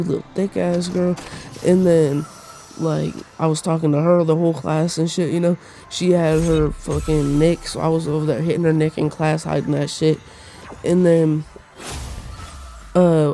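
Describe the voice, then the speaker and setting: A man's voice: a little high, dark tone. A young man telling a rambling, profane personal story in casual slang, full of fillers.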